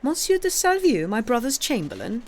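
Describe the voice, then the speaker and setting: A woman's voice: fairly low pitch, expressive, normal speed, natural voice. A woman reading aloud, voicing an aging king who is wry and commanding. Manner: imperious, teasing.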